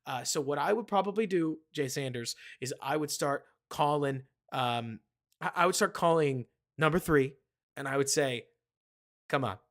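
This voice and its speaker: A man's voice: on the high side, normal speed, a bit bright. A man, hosting a casual live football stream, rambling, answering viewers by name.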